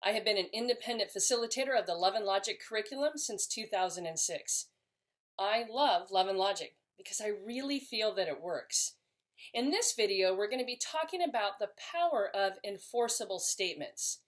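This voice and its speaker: A woman's voice: mid-range voice, lively intonation, moderate pace. A woman giving an earnest, explanatory talk to camera as a parenting educator, sometimes restarting a phrase.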